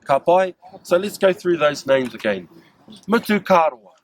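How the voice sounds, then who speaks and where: A man's voice: on the high side, lively intonation, moderate pace, over a noisy crowd. New Zealand man guiding a group outdoors. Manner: engaging, asks the group questions. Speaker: cultural guide leading staff. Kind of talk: outdoor cultural site talk to a group.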